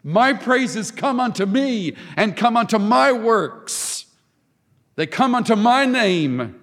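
A man preaching a sermon with emphatic delivery, dramatic pauses and heavy repetition. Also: high-pitched, a bit bright. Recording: long hall reverb.

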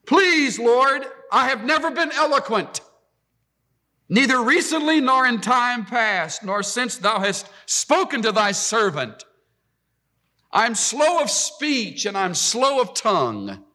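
A man's voice: very high-pitched, sing-song, measured pace, sharp tone, big-room sound, pitched above the performer's own voice, exaggerated voice. A man voicing a pleading, self-doubting old male shepherd who talks in an anxious, stammering way.

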